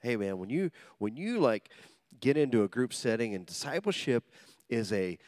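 A man preaching with an animated, swooping delivery, his pitch rising and falling constantly. He tells stories with humor, acts out the voices in them, and keeps pulling the congregation in with call-and-response. The sound is dry and close, with no room ring. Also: moderate pace, dry recording. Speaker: pastor. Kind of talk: sermon.

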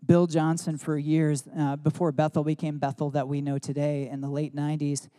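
A man's voice: fairly high pitch, completely flat delivery, moderate pace, dark tone. Man telling stories in a casual sermon. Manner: casual, rambling, many "like" fillers. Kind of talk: sermon storytelling.

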